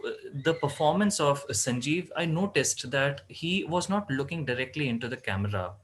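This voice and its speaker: A man's voice: fairly high pitch, a bit bright, low-quality recording. A man giving a formal, structured evaluation of a speech at an online club meeting. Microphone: video call.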